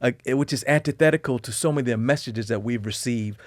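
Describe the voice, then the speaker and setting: A man talks as a guest on a podcast, spinning personal stories with lively swings between quiet asides and loud emphasis. His voice sits at an ordinary middle pitch. The sound is close and dry, with no room echo. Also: fast talker. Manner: animated storyteller, lively swings in pitch and volume. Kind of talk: candid conversational interview.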